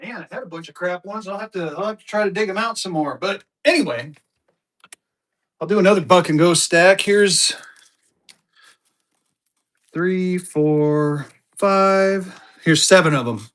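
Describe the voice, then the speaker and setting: A man's voice: high-pitched, a little slow, long pauses, a bit bright. A man, chatting casually to viewers as a live-stream seller and thinking aloud as he digs through his stock. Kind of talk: casual live auction chat.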